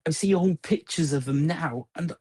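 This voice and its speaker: Southern english guy calling in, middle-aged, bit husky, repeats himself and chuckles a lot. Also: on the high side, normal speed, darkish tone. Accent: Southern English, Oxfordshire. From Southern England. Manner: repeats words, restarts, chuckles often. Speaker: caller. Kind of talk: casual chat.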